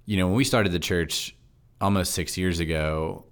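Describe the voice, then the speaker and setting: A man who hosts a church podcast, talking fast and chatty in a casual interview, with frequent laughs. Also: sits low. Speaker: pastor and podcast host.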